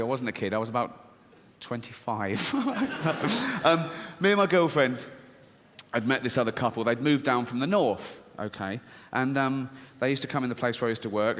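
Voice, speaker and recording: A man's voice: mid-range voice, a bit bright. A British man doing stand-up, blunt and brash, laughing at his own jokes and a little out of breath. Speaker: stand-up comedian. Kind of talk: stand-up routine. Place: large theatre stage. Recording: stage mic with hall reverb.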